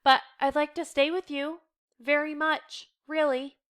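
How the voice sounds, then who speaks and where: A woman voicing a gentle, hurt middle-aged mother in a soft, tender read. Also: sits high, little pitch movement, measured pace, voice pushed up.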